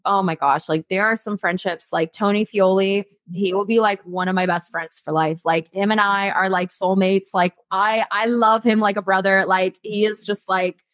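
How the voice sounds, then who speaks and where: A woman's voice: medium pitch, fairly even intonation, normal speed, few pauses, a bit bright, no echo, clean studio sound. A woman in her twenties chatting as an interview guest, filling her talk with "like" and acting out what others said. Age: 20s. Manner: chatty, fills talk with "like", acts out quotes. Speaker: guest performer. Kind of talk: casual interview chat.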